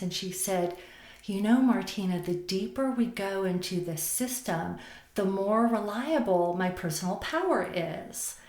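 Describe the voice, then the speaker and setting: A woman is a podcast guest, a therapist and coach who talks in an effusive, animated way. Her voice sits mid-range and carries the echo of a roomy space. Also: medium pitch. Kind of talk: podcast interview.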